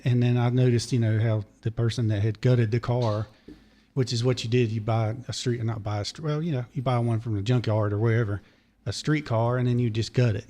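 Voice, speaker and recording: A man, a podcast guest telling a long, digressive story in a hoarse voice because he is losing it. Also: medium pitch, dark tone. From Charlotte area, North Carolina. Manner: digressive, detail-heavy storyteller. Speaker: podcast guest, former race mechanic. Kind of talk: long rambling story told in casual chat.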